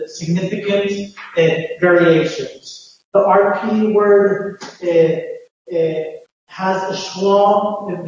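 High-voiced male lecturer in echoey hall. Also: a little mellow. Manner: halting, explanatory, many restarts. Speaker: phonetics lecturer. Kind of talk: classroom lecture. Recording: echoey lecture hall, distant dull mic.

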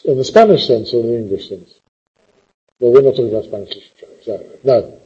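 A man's voice: medium pitch, expressive, a little fast, husky, dull audio. A man teaching a poetry class, quizzing the students with a teasing, theatrical, impatient manner.

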